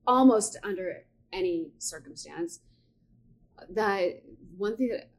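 A woman's voice: mid-range voice, lively intonation, slow. A woman in her forties co-hosting a podcast, chatting casually in a supportive, reflective way. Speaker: podcast co-host. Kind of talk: casual chat.

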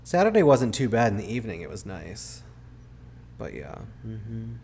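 A man's voice: on the low side, very animated, moderate pace, gravelly, husky. Swearing man ranting on a podcast. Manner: profane, ranting, loud. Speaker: podcast co-host. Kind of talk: casual podcast chat. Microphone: close home podcast mic, hot levels.

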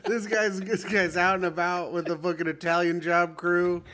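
A man's voice: high voice, level tone, normal speed, noisy background. A man co-hosting a podcast, making wisecracks and ribbing the guest. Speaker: podcast co-host. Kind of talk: casual podcast chat.

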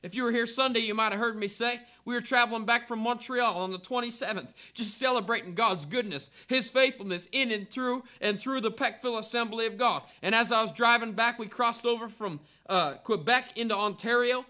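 Bright high-voiced preaching man. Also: a little fast, hardly any pauses. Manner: fervent preaching, rising emphatic repetition. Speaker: pastor. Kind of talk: sermon.

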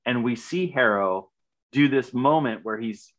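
A man's voice: mid-range voice, unhurried. A man co-hosting a podcast, chatting with enthusiasm about a TV series and often repeating words as he starts a thought. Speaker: podcast co-host. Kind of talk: casual chat reviewing a TV series.

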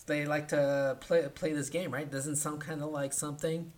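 A man co-hosting a casual podcast, retelling a film plot in an animated way, acting out the characters' lines and often asking "right?". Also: fairly high pitch, moderate pace. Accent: Californian. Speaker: podcast co-host. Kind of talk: casual movie recap chat.

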